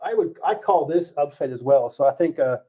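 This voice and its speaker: Stream host, middle-aged, relaxed ad-lib chat, slightly raised pitch, dull home-mic sound. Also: male voice, a little fast, slightly rough. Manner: relaxed, thinking aloud with many fillers and restarts. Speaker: livestream host. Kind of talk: casual live Q&A with viewers.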